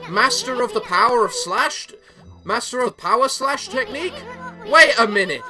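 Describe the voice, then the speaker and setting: A woman voicing a brash, cheeky little male companion who teases and gets excited. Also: a little high, normal speed, close to an everyday voice. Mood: cocky. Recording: game music behind.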